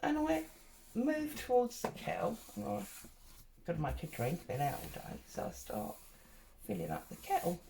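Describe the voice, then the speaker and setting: A middle-aged woman tells a meandering tale as she glues papers at her craft table, breaking off to fuss over where things go. Her voice is mellow with a gravelly edge, and her pitch swoops widely as she tells the story. A faint hiss sits under her voice. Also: huge pitch swings, moderate pace. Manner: chatty, rambling, wanders off and back to her story. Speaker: craft vlogger. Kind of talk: casual storytelling while crafting.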